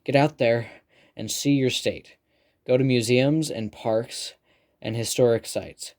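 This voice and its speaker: A man's voice: medium pitch, steady tone, slow pace, darkish tone, close to an everyday voice. A man voicing a wheezing middle-aged male teacher lecturing his class in an audiobook reading.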